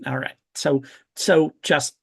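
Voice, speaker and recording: A man playing in a tabletop game, talking slowly with many fillers and restarts. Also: on the high side, fairly even intonation, creaky, slightly rough. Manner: slow, halting, full of fillers. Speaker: player. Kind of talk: tabletop role-play.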